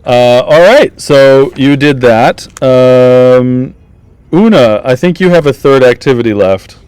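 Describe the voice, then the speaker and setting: A man narrating as game master of a tabletop game, halting with many pauses and restarts. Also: mid-range voice, a little mellow, clean tone, no room sound. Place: backyard.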